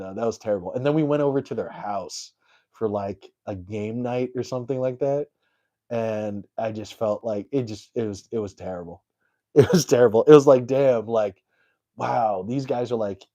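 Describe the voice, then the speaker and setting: A man's voice: on the low side, warm tone. A young adult man, a comedian, telling a story on his live stream in a rambling, self-deprecating way full of fillers.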